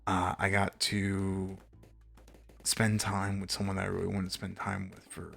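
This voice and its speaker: Young man, from Texas, low voice, rambling game-stream chat, fillers and swearing. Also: completely flat delivery, measured pace, creaky, a bit bright, soft background music. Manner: rambling storyteller, lots of fillers, casual swearing. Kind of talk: casual chat while gaming.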